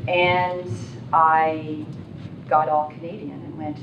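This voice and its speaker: A woman telling a personal story at a workshop in an animated, self-mocking way. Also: low-pitched, takes it slowly, phone-quality sound. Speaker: workshop participant. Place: conference workshop room. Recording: roomy, distant, noisy room mic.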